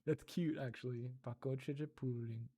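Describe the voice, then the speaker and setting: A man chatting casually on a livestream, giggling and slowly sounding out foreign words. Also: medium pitch, steady tone, dark tone. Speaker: streamer.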